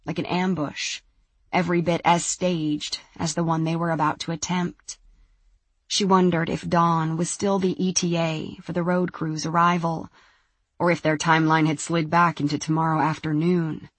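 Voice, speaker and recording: A woman narrating a suspense audiobook in a measured, even storytelling manner. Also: deep voice, no echo. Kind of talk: scripted narration.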